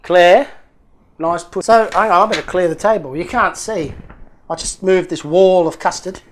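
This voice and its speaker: A man's voice: sits high, moderate pace. A man hosting a casual unboxing video, chatty and jokey, thinking aloud as he opens parcels. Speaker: YouTube hobby channel host.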